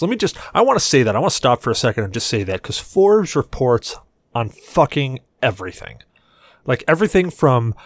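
A man's voice: medium pitch, no echo. A man hosting a podcast in crude casual chat, rambling, enthusiastic and full of swearing. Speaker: podcast host.

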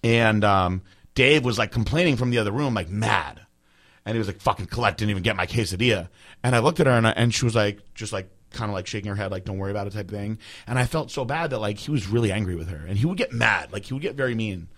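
A man rattles through a story at a rapid clip, his voice bright and forward. He swears freely and rambles, poking fun at himself as he goes. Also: fairly low pitch, animated. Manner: rambling, profane, self-deprecating. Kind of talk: casual storytelling.

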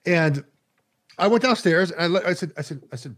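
A man co-hosting a football podcast, telling stories in a self-deprecating, animated way. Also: on the high side, fast. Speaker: podcast co-host, football analyst. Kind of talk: casual podcast chat.

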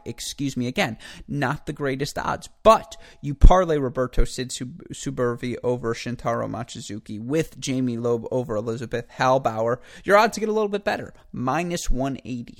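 Male host, casual betting rundown, talkative, mid-range voice, self-correcting delivery. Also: mid-range voice. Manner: chatty, rambling, self-correcting. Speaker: tennis betting podcast host.

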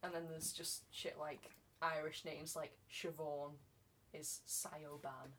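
A woman guest on a casual podcast, playful, self-mocking and quick to giggle. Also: sits low, monotone, a bit bright. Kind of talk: casual chat.

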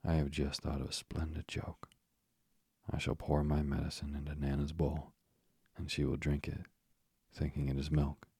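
A proud, sulky middle-aged father from a storybook, grumbling in a very deep, flat voice, as a man reads him aloud. The tone is gravelly and breathy, and the recording is close and dry. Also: moderate pace, no echo, full character voice. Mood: petulant.

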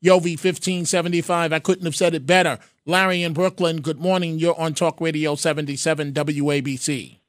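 A man's voice: fairly high pitch, steady tone, a little fast, dry recording, studio quality. A man hosting a call-in radio show, talking frankly and directly to callers by name. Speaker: radio talk show host. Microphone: studio microphone.

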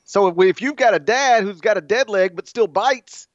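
A high-voiced, middle-aged man co-hosts a casual sports show, needling his partner and meandering through stories at a normal pace. The dry recording has a dull, lo-fi quality.

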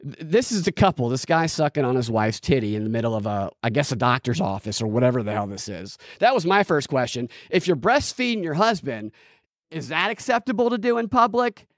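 A man's voice: medium pitch, sing-song, a little fast, no echo, clean studio sound. A man hosting a podcast, chatting in a loose, sarcastic, joking way. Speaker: podcast host. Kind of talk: casual chat.

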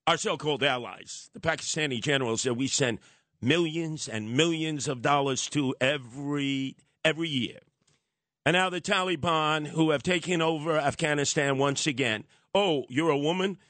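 A man's voice: a little high, moderate pace, no echo. Sarcastic New talk radio man. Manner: animated, sarcastic, slips into mocking voices. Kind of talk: opinionated radio monologue.

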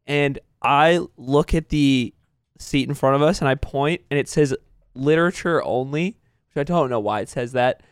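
A man's voice: mid-range voice, normal speed, clean tone, no room sound, clean studio sound. A young man on a podcast, rambling through a story and laughing at it as he goes. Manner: rambling, laughs at his own stories. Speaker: podcast co-host. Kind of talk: casual storytelling.

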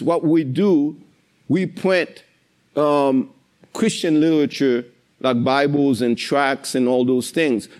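A man sharing a faith testimony about his Christian literature business, telling it in an earnest, emotional way and repeating himself as he goes. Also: fairly high pitch. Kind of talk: personal faith testimony, storytelling. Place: in his warehouse.

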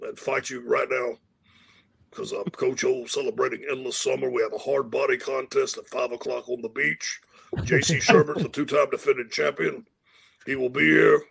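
A man doing a gruff, boastful old-school football coach. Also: mid-range voice, rough recording. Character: brash, boastful retired male football coach.

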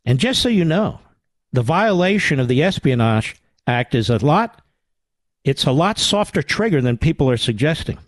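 A man's voice: on the high side, very animated, moderate pace, dry recording. A man hosting a talk radio show, delivering a combative, sarcastic monologue.

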